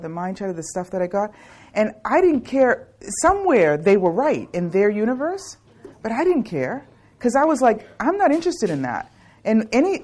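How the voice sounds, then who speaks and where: A woman's voice: medium pitch, a little mellow. A middle-aged woman who leads classes, giving a casual, rambling talk to a live audience and joking and laughing often. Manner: rambling, with many restarts and fillers. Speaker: class facilitator.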